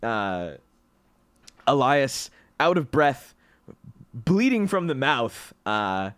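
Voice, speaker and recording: A man's voice: mid-range voice, sing-song, slow pace, a bit bright, no echo. A young man narrating a tabletop game as game master, laughing often in a loose, profane way.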